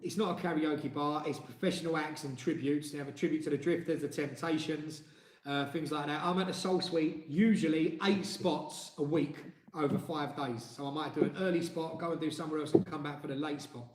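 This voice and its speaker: Male co-host, chatty and jokey, slightly high voice, roomy echo. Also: fairly even intonation, fairly quick. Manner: chatty, jokey, reads viewer comments aloud. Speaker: live stream co-host and singer. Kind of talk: casual live-stream chat. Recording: echoey room.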